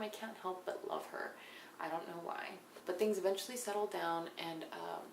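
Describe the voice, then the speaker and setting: A young woman with a slightly low voice recaps TV in a blunt, casual way and swears freely. She sometimes slips into hushed asides. The room is echoey, with a faint hiss behind her. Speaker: reality TV recapper.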